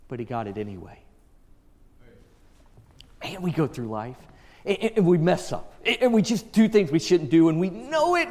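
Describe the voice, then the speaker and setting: High, lively-voiced man preaching in a hall. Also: unhurried, pauses often. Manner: dramatic storytelling, hushed low passages then rising emphatic lines. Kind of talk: sermon. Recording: long reverb of a large hall.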